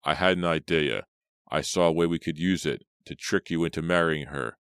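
A frightened minister begs and pleads loudly, voiced by a man narrating an audiobook. The voice stays very deep and smooth. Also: moderate pace, no room sound, clean studio sound. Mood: pleading. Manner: begging and loud.

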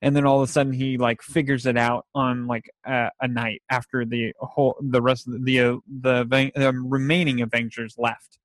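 A man in casual chat about movies, rambling and animated as he retells scenes. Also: mid-range voice, moderate pace, dry recording.

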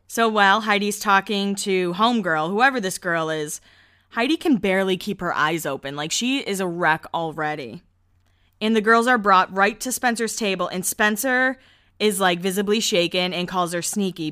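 A woman's voice: mid-range voice, a bit bright. A young adult woman hosting a casual chat, recapping a reality show and often laughing as she acts out quotes. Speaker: podcast host.

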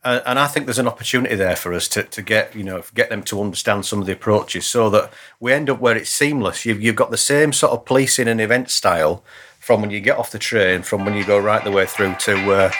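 A man's voice: fairly low pitch, steady tone, a little fast, a bit bright. A man, a senior police officer, talking earnestly as an interview guest, often restarting and repeating words as he thinks. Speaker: police chief superintendent, guest. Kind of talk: conversational interview.

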